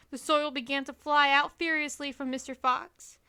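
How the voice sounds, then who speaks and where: A woman reads a children's storybook aloud with an expressive, lively delivery. Her voice is high and bright, recorded close in a dry, dead space. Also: moderate pace, no room sound. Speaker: storybook reader.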